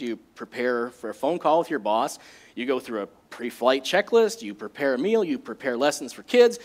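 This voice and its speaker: A man preaching a sermon as a pastor, in a jokey and animated way. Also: a little high.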